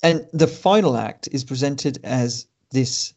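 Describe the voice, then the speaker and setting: Gravelly man, dry film podcast talk. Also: medium pitch, expressive, a little mellow. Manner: dry, sardonic, many ums and pauses. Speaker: podcast co-host reviewing films. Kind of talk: casual film review chat. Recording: dull lo-fi podcast audio.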